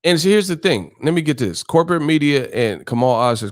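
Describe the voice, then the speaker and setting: A man's voice: on the high side, animated, brisk, hardly any pauses. A man hosting a boxing live stream, ranting bluntly and combatively with heavy cursing. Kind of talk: casual live-stream rant.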